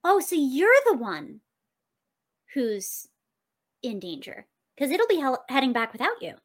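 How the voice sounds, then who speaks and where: Woman tabletop player, casual, hesitant, high voice. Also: sing-song, unhurried.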